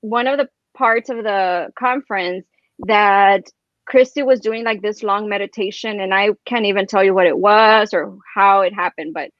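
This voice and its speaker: A woman telling a personal story in casual chat as a guest, rambling and animated, filling her speech with "like" and "right?". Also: mid-range voice, moderate pace, no echo, highs cut off.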